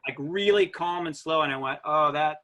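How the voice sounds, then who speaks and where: A man in an interview telling a story in an animated way, acting out his own thoughts as he goes. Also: a little high, fairly quick. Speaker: guest runner.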